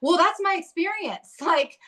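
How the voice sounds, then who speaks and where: A woman's voice: very high-pitched, expressive, a little slow, a bit bright. A woman speaking as a podcast guest, telling her recovery story in a blunt, fiery way full of swearing.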